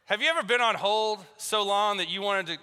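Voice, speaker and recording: A man's voice: high-pitched, brisk, sharp tone, clear, resonant tone. A man preaching a sermon, telling a story and acting out both sides of a phone call with jokes. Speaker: pastor. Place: church hall. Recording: long hall reverb.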